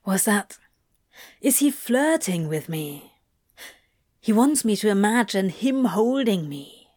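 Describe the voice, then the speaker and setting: A woman voicing a flustered, sardonic male demon, her lines low and murmured, in a slow delivery. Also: big pitch swings, darkish tone, dry recording, studio quality.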